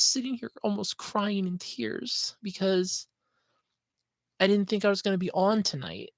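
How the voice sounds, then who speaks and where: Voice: mid-range voice, lively intonation, a little slow, creaky, no echo. Rambling, scatterbrained podcast host, dry sound. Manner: apologetic, frustrated rant. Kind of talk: casual livestream chat.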